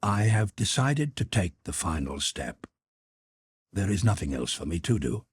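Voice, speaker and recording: A man's voice: low-pitched, sing-song, a little slow, breathy edge, pitched above the performer's own voice, exaggerated voice. A man playing a cold, stiff, wounded middle-aged husband who speaks in a clipped, formal way. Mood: bitter.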